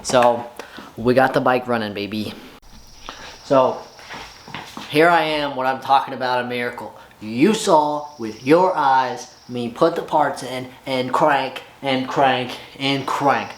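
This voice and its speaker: Male vlogger, middle pitch, exasperated and excitable, rambles about his bike in a home garage. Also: unhurried, slight background noise. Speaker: home motorcycle mechanic. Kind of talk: casual vlog.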